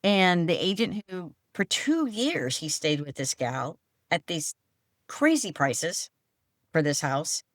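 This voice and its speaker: Chatty low-voiced woman host. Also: very animated, takes it slowly, no room sound, clean studio sound. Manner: chatty, friendly questioning. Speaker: podcast host. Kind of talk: casual podcast interview. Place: Florida Gulf coast.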